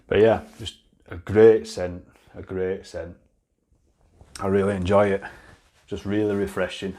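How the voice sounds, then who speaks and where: A man's voice: low voice, little pitch movement, unhurried, pauses often, mellow. A man with a Yorkshire accent reviewing a beard product in a casual, blunt, chatty way, swearing freely and restarting his sentences. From Yorkshire, England.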